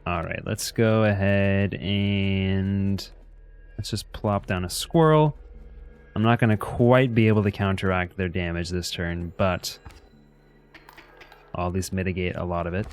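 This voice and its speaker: A man's voice: sits low, fairly even intonation, measured pace, smooth. A man streaming a card game, thinking aloud and greeting chat in an easygoing way. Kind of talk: casual game commentary. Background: faint music.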